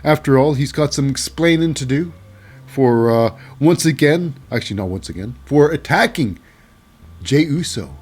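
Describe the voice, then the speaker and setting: A man's voice: fairly high pitch, animated, moderate pace, a little mellow, slightly rough. A man hosting a casual wrestling show recap, rambling with lots of fillers and hyping things up with "baby".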